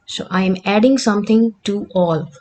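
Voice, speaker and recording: A woman's voice: mid-range voice, normal speed, darkish tone. A woman, teaching the meaning and pronunciation of word pairs and checking in often with "right?". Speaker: English teacher. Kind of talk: explanatory vocabulary lesson.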